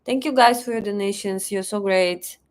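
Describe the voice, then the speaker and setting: A woman's voice: medium pitch, moderate pace. A young woman from Russia with a Russian accent, hosting a casual live stream from home, chatting and reading comments with frequent laughs and fillers. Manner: chatty, laughs often, thinks aloud with fillers. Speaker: livestream host. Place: home in Moscow.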